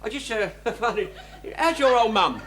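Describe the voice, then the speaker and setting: An actor playing a cheeky, exasperated working-class bus driver, in a 1970s TV sitcom with audience laughter. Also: male voice, high-pitched, sing-song, takes it slowly, fairly bright tone, a little hiss or hum, full character voice. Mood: grumbling. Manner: wheedling, exasperated, stammering.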